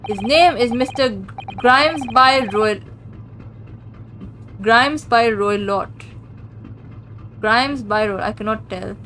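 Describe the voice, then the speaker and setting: A woman's voice: a little high, slow, pauses often, fairly bright tone. Surly sailor guard, a woman voicing him: blunt broken English, stubborn, noisy recording. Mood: gruff. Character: gruff, surly burly male sailor guard. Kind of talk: reading a visual novel aloud.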